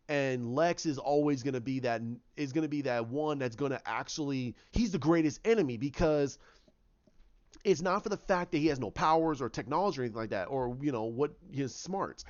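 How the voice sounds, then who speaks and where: A man casually retelling his own movie idea, rambling with many restarts and fillers. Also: fairly high pitch. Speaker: fan pitching a movie idea. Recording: dull lo-fi recording.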